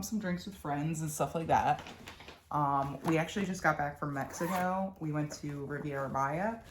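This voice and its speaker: A woman's voice: low voice, noisy background. A young woman from Philadelphia with a Philly accent, chatting casually and rambling about her stitching projects, with lots of ums and restarts. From Philadelphia, USA. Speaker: cross-stitch vlogger.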